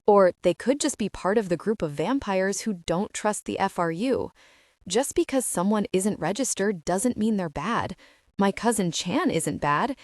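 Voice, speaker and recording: A woman's voice: medium pitch, lively intonation, a little slow, a little mellow, dry recording, studio quality, close to an everyday voice. A woman voicing a prickly, guarded teenage vampire girl in an audiobook, curt and defensive.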